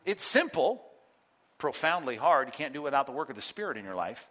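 A man's voice: mid-range voice, fairly quick. A man preaching a sermon as pastor, talking straight to his congregation and acting out the people he quotes. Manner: animated, acts out quoted voices, addresses congregation directly. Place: church.

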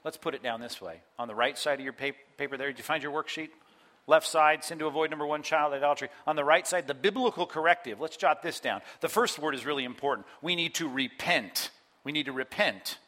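In church, a fast-talking pastor with a fairly high voice preaches animatedly. He addresses his congregation directly and acts out the voices of the people he quotes.

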